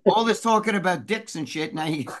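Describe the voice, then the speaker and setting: A man chatting loudly and excitably, swearing and restarting his sentences. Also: sits high, measured pace. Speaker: guest bodybuilder. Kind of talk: casual chat.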